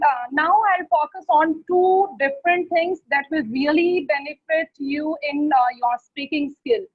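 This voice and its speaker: A woman, teaching an online webinar lesson, explaining step by step and checking in with her listeners. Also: high voice. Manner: explanatory, often checks "right?" and "is it?". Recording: dull lo-fi call audio.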